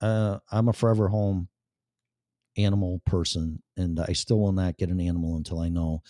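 Chicago guy in his 50s, low voice, rambles and swears a lot, dead dry sound. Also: steady tone, moderate pace, warm tone, no room sound. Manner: blunt and profane, rambling. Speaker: podcast host. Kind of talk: casual monologue to listeners.

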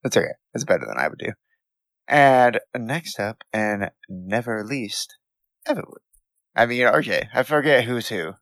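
A man's voice: fairly low pitch, expressive, normal speed, vocal fry, fairly bright tone, no echo. A man hosting a casual podcast, introducing players with playful jokes and laughing asides. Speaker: host.

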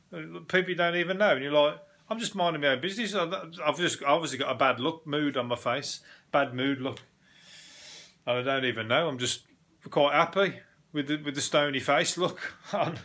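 A man's voice: on the high side, moderate pace, pushed and bright. A man with a Birmingham accent rambling through a sweary, comedic rant as a podcast host, restarting sentences and laughing often. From Birmingham, England.

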